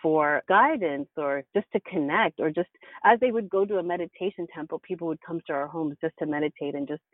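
A woman's voice: low-pitched, fairly quick, no room sound. A woman guest in an interview, telling her life story in an earnest, reflective way. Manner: earnest and reflective, with bursts of laughter. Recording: tinny phone-like line, dry.

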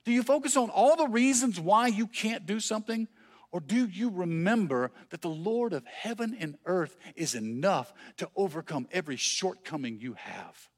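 High-voiced preaching man. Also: lively intonation, moderate pace. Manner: earnest preaching with rhetorical questions and repeated phrases. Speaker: pastor. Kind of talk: sermon. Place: church.

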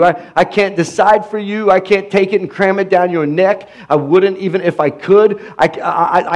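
A man preaches to his congregation. He leans on rhetorical questions and repeated phrases, and his delivery ranges from hushed to loud. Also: high-pitched. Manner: preaching with rising intensity, repetitive rhetorical questions. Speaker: pastor. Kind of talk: sermon.

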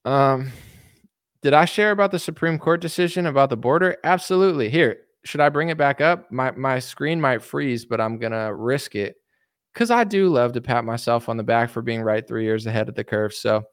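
A man's voice: mid-range voice, no echo, studio quality. A man hosting a livestream, ranting casually about politics in a boastful, combative, sarcastic way. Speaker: livestream host.

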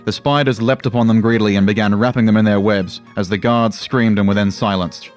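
Low-voiced male storyteller. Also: fairly even intonation, brisk, faint music behind. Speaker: narrator. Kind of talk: storytelling narration.

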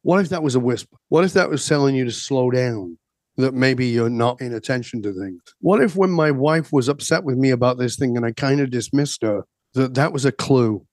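A man's voice: mid-range voice, brisk, a little mellow, dry recording. A man in an interview, a coach telling stories and asking rhetorical questions. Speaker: guest coach. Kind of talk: podcast interview talk.

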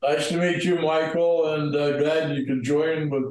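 An older man, a guest in an interview, recounting past events steadily with many pauses. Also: a little high, flat delivery, darkish tone. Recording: very echoey room with faint noise.

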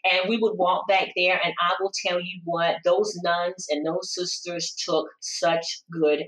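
A woman recalls her life story as an interview guest, her voice sitting a little low for a woman. She talks expressively and loosely, circling back with restarts and "you know". The sound is roomy and she seems set back from the mic. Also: flat delivery, a little slow, fairly bright tone, distant mic. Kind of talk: reflective personal storytelling.

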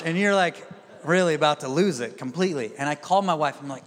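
A man's voice: a little high, a little fast. A man preaching a sermon as a pastor, telling stories with acted-out quotes and often asking the crowd if they are with him. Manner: storytelling, acts out quoted voices; asks the crowd "are you with me?". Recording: long hall reverb.

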